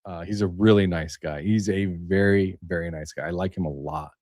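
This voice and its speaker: A man's voice: low-pitched, fairly even intonation, moderate pace, darkish tone, dry recording, studio quality. A man hosting a casual livestream, rambling and emphatic, reading aloud and then riffing on it. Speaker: livestream host. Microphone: webcam setup.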